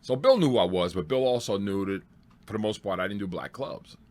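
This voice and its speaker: A man, a stand-up comedian, telling road stories in a loose, excitable way, laughing and swearing as he goes. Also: on the low side, fairly quick. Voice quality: excitable, swears freely, laughs through punchlines. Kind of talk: animated storytelling.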